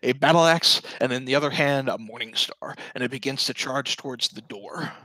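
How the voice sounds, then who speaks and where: A man running a tabletop game as dungeon master, describing scenes in a relaxed way. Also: medium pitch, brisk, dry recording, low-quality recording.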